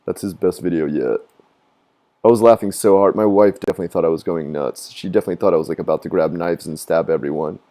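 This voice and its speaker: A man on his live stream, chatting casually and rambling with a lot of swearing. He laughs at his own jokes and does high mocking voices of other people. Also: quick pace, dark tone. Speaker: gaming streamer. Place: living in Japan.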